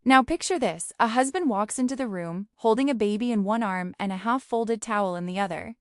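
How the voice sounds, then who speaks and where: A woman's voice: medium pitch, brisk, dry recording. Woman narrator, playful and teasing, scripted comic storytelling, dry close sound.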